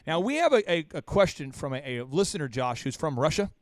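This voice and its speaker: A male podcast host with a fairly high voice that swings widely up and down as he talks. He is blunt, animated and teasing. The sound is close and dry. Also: a little fast, dry recording. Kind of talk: lively podcast chat.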